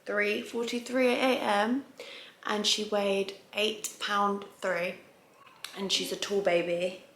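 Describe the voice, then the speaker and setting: A woman's voice: medium pitch, little pitch movement, slow, a bit bright. A woman vlogger telling a long story to the camera at home, chatty and rambling, often stopping to restart a sentence. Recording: roomy echo.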